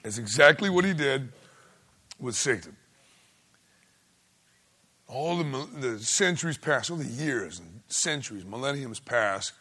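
A man preaching a sermon in a folksy way, swinging between loud exclaiming and hushed asides. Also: mid-range voice, breathy edge. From United States.

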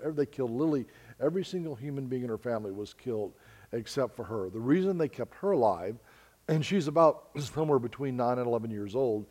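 A man with a warm, mid-range voice earnestly preaches, telling stories to his congregation, whom he calls folks. He is an American preacher and missionary engaged in sermon storytelling.

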